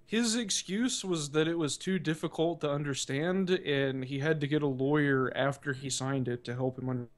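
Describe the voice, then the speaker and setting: A man's voice: on the high side, moderate pace, hardly any pauses. A man talking bluntly as a guest on a casual gaming chat show, swearing now and then.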